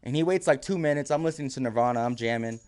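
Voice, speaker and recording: A man's voice: medium pitch, very fast, a little mellow, smooth. A man casually telling a story on a podcast, laid-back, using slang and laughing often. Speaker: podcast guest.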